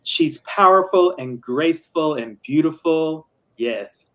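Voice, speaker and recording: A man's voice: on the high side, expressive, slow pace, sharp tone. A man calling in to a live show, chatting in a friendly, easygoing way. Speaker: caller. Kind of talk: casual chat on a call-in show.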